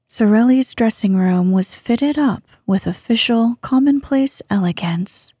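A woman narrating a bedtime sleep story in a soothing, hushed voice that often drops to a whisper, close to the mic. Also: fairly high pitch, lively intonation, measured pace, husky, no room sound.

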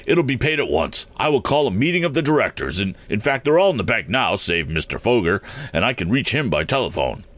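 A man's voice: on the low side, sing-song, fairly quick, fairly bright tone, pitched above the performer's own voice. A man voicing a flustered, fussy elderly bank president who stammers and gushes, in a storybook reading. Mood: eager. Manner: stammering, effusive.

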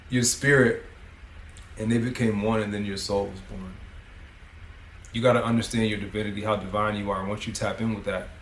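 A man's voice: medium pitch, fairly bright tone, echoey room. A man hosting a podcast, giving a motivational monologue in a coaching, preachy way and swearing freely. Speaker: podcast host.

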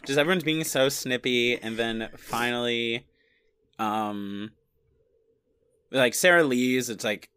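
A young man co-hosting a podcast, casually recapping a movie, relaxed, laughing and quoting scenes. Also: mid-range voice, takes it slowly, long pauses, slight background noise. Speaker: podcast co-host.

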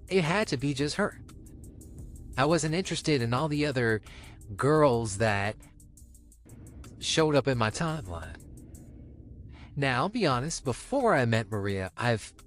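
Lively-voiced young man podcast co-host. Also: mid-range voice. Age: young adult. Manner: candid, rambling, restarts often. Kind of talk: casual podcast chat.

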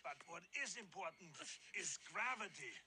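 An actor playing a tough, deadpan male action hero in a film clip, delivering menacing one-liners. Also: high voice, normal speed. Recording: film clip played from afar with noise.

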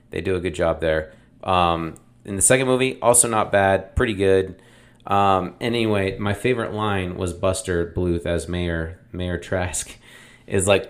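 A man's voice: low voice, a bit bright. A man hosting a casual movie review, talking in a rambling, opinionated way with lots of fillers. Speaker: podcast host reviewing films.

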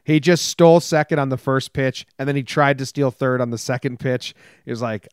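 A man co-hosting a casual sports talk show, giving blunt, quick recaps with a lot of swearing. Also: medium pitch, clear, resonant tone, dry recording, studio quality. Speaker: podcast co-host.

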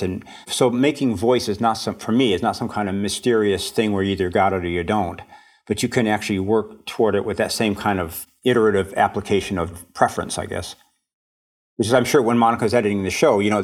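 A man, an author, chatting as a podcast guest in a reflective, self-deprecating way, laughing often. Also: on the low side. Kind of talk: casual interview chat.

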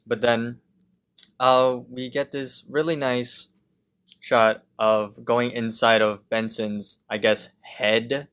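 Slow, smooth-voiced man recapping a cartoon. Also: mid-range voice, level tone, fairly bright tone. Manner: slow, measured retelling with fillers. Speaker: podcast co-host. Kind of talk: casual episode recap.

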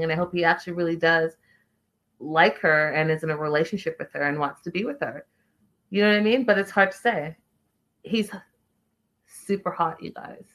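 A woman's voice: mid-range voice, a bit bright. A woman casually recapping a reality show, chatty and opinionated, reading viewer comments aloud.

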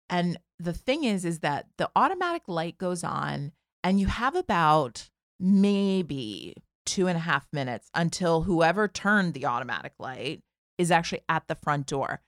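A woman's voice: low voice, a little slow, no room sound, clean studio sound. A woman in her forties casually telling a funny personal story, full of fillers, acting out the voices of the people in it. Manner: animated, lots of "like", acts out voices. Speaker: podcast guest telling a story.

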